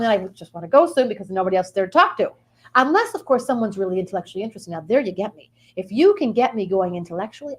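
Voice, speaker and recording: A woman guest rattling off a chatty comic monologue at a quick clip, her voice leaping all over the place. She rambles playfully, tossing in sing-song little asides, and sits a bit high in pitch. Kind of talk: comic monologue in character of a sun sign.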